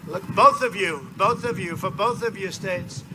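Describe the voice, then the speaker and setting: A man's voice: high voice, normal speed. Male politician at an open-air rally, rambling and boastful, noisy outdoor recording. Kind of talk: campaign rally speech.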